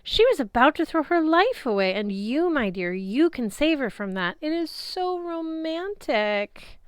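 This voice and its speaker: A woman voicing a vain, gushing goddess of love who draws out her words in a breathy, swooning way, in an audiobook reading. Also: high-pitched, very animated, unhurried, no room sound, clean studio sound, pitched above the performer's own voice.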